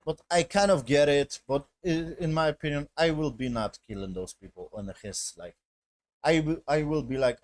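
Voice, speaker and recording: A man's voice: mid-range voice, a little fast, darkish tone, no room sound. A man giving a casual, rambling recap of a show episode in non-native English with broken grammar. He swears a lot and keeps checking in with "basically" and "yes?". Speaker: episode reviewer.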